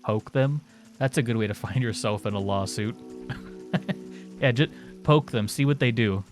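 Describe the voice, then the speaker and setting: A man's voice: on the low side, normal speed, faint music behind. A man doing casual live-stream commentary while playing, rambling and joking with his viewers and swearing now and then. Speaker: game streamer.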